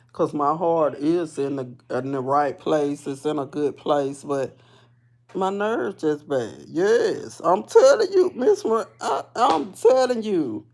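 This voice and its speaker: A woman hosting a live stream, telling a story casually and repetitively with folksy endearments, dropping low and quiet and then jumping high and loud as she retells it. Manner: repetitive, rambling, folksy endearments like baby and honey; swings from low and subdued to loud high bursts when retelling.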